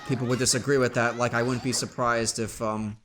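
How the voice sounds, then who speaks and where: A young man co-hosting a let's play, chatting casually in a rambling, halting way. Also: mid-range voice, level tone, a bit bright, soft background music. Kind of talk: casual gameplay chat.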